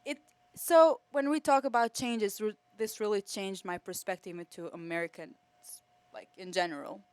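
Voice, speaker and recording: A young woman from Kosovo, somewhere between her teens and early twenties, is an exchange student giving an emotional thank-you speech in a school TV studio. Her smooth, mid-range voice moves at a moderate pace, heartfelt and full of fillers, with no room sound.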